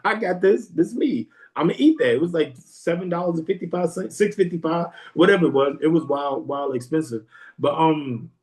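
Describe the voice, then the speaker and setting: A young man, hosting a podcast and telling a comic story in a slangy, animated way. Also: on the high side. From New York. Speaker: podcast host. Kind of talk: casual storytelling.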